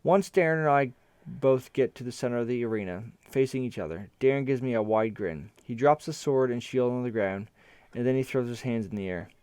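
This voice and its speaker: A man's voice: medium pitch, fairly quick, darkish tone, clean tone, no echo. Man narrating a gamebook, dry close voice. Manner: first-person narration with nervous inner monologue. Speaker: reader of an interactive story. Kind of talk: reading a gamebook aloud.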